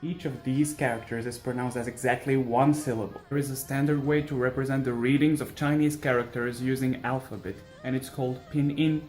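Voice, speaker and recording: A man narrating a scripted language tutorial with wry, deadpan jokes. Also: medium pitch, a little fast, hardly any pauses, soft background music.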